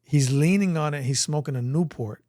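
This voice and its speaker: A man, telling stories in an animated, casual way and acting out dialogue. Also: on the high side, moderate pace, no echo, clean studio sound. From Brooklyn, New York. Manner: animated, acts out dialogue, many likes. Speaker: guest, veteran. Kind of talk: casual storytelling.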